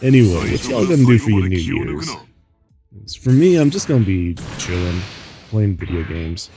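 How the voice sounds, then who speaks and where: Goofy and giggly, a man hosts a laid-back gaming stream, rambling to chat and a bit tired after sleeping poorly. He has a lowish, sing-song voice at normal speed, with music playing in the background.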